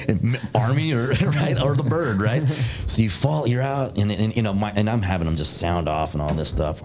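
Middle-aged male guest with a very low voice, casual rambling storyteller, peppers talk with fillers and curses. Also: moderate pace, noisy background. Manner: rambling, many fillers and tags, swears, laughs often. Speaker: guest, military veteran.

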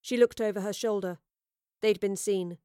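A woman narrates a storybook in a steady, expressive manner. Her voice sits at a middle pitch. The recording is dry and close, with no room sound. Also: normal speed, smooth, no echo. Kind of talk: storybook reading.

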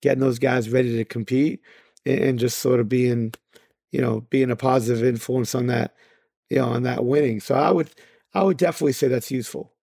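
A man's voice: mid-range voice, fairly even intonation, brisk, gravelly, mellow, no echo, studio quality. A man co-hosting a basketball podcast, talking in a rambling, loose way full of fillers. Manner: rambling, many fillers and restarts. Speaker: podcast co-host. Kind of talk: casual chat.

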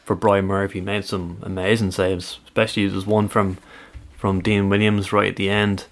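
A man's voice: low-pitched, little pitch movement, normal speed. A man co-hosting a casual football podcast, chatty with lots of fillers and easy laughs. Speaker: podcast co-host.

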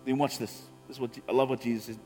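Music plays beneath this male pastor as he preaches and recounts a personal story, voicing the dialogue in a lively storytelling style. He speaks in a mid-range voice at a rapid-fire pace, with a long reverb tail.

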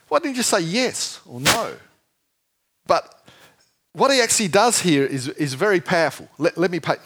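A man preaching a sermon, lively and jokey, often asking the congregation questions. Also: on the high side. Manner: lively, asks the audience questions, jokey asides.

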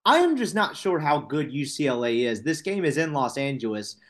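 A man's voice: a little high, very animated, brisk. A man hosting a casual sports betting podcast, rambling and correcting himself with wry asides.

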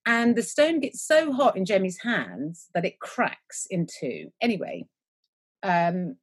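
Chatty woman with a husky voice. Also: medium pitch, very animated. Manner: chatty, rambling, quick to joke, trails off mid-word. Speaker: podcast co-host. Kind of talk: casual chat recapping a TV episode.

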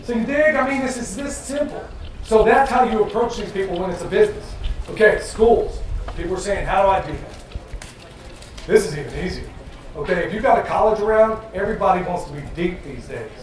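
A man with a high voice speaks to a crowd at an event, loose, jokey and plain-spoken. He sounds distant from the microphone, and the room is very echoey. Steady noise sits behind him throughout. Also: brisk. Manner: joking, conversational, plain-spoken. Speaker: festival presenter. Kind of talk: live talk to an audience. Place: event venue with audience. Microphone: far from the mic.

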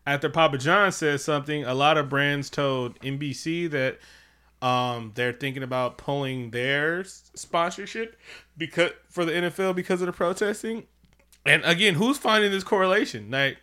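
Animated, bright-voiced man riffing. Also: on the high side, moderate pace, clean tone. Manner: animated, profane, jumps into mocking quoted voices. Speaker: podcast co-host. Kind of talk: casual comedic chat. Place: home.

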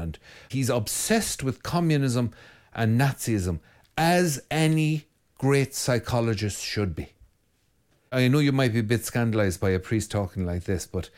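Lively Irish priest musing aloud. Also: male voice, lowish voice. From Ireland. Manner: animated storyteller, musing aloud with asides. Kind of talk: casual monologue answering viewer comments.

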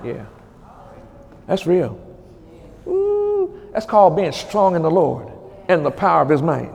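A man preaching a charismatic sermon as pastor, dropping to low murmurs and rising to high shouted commands. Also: very animated, a little slow, vocal fry, long reverb tail.

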